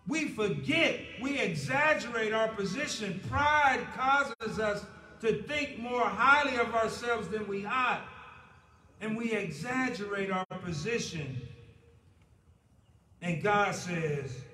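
A man with an American accent preaching in a church, his fairly high voice slow and deliberate as he drives each point home with rising force. The sound is roomy and echoing, caught from a mic some distance away, with faint noise underneath. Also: pushed and bright. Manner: preaching with rising emphasis and slow drawn-out stresses. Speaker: pastor. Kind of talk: sermon. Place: church sanctuary.

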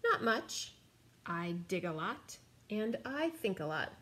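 A woman voicing a humble, unhurried little male wombat in a read-aloud storybook. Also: mid-range voice, very animated, pushed and bright, heavily acted. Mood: modest.

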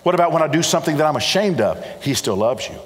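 A middle-aged pastor delivers an earnest sermon, leaning on repetition and questions to the congregation. His voice sits a little high for a man. It rings out with a long hall reverb around it. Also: expressive, quick pace. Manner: earnest, repetitive emphasis, addresses congregation directly. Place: church sanctuary.

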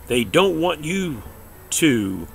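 A man's voice: a little high, sing-song, drawn-out words, creaky, slight background noise, voice pushed up, full character voice. A man voicing a mischievous, tricky male rabbit who fusses and exclaims. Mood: spooky.

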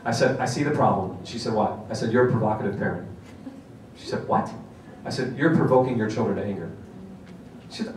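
A man's voice: mid-range voice, expressive, brisk. A man giving a conference talk, telling a story with many fillers and restarts and acting out the dialogue. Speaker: seminar speaker. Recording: echoey hall, distant mic, faint hiss.

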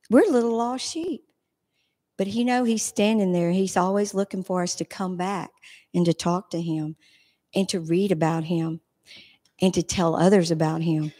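A woman giving a playful, animated children's message in a church. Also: mid-range voice. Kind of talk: children's sermon. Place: church sanctuary. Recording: reverberant church hall.

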